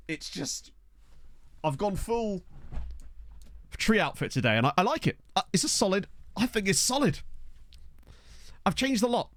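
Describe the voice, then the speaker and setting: High-pitched and animated, with a fairly bright tone, this streamer jokes around and thanks his viewers as he plays a football management game. He speaks into a desk microphone, chatty and quick to laugh.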